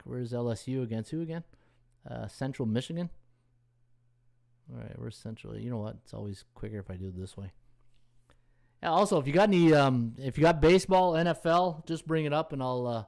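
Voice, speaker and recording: A man with a voice on the high side and a darkish tone hosts a casual sports betting live stream as a handicapper. He rambles and thinks aloud while scrolling through stats, reading viewer comments and thanking viewers.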